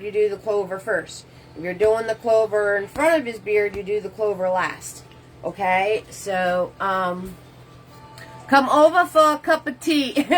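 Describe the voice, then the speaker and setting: A woman's voice: medium pitch, low-quality recording. A woman giving a casual live painting tutorial, chatting with viewers and walking them through each step. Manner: chatty, answers viewer comments while painting; casual, loose step-by-step instructions. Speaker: painting instructor.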